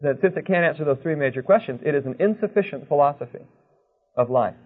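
A man's voice: a little high, lively intonation, fast. Male preacher, storytelling teacher, tinny phone-quality recording. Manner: checks in with "okay?", tells anecdotes. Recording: narrow, tinny phone-like sound.

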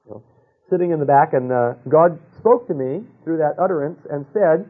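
A man preaching a sermon, telling a personal story with rhetorical questions and dropping to a hush for quoted voices. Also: fairly high pitch, moderate pace, narrow, tinny audio.

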